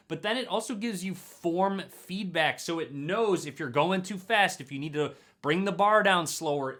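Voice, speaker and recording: A young man presenting a home product review vlog in an upbeat, clear presenter manner, recorded in a room at home. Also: fairly high pitch, bright, forceful tone. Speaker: tech reviewer. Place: home room with a wall-mounted gym.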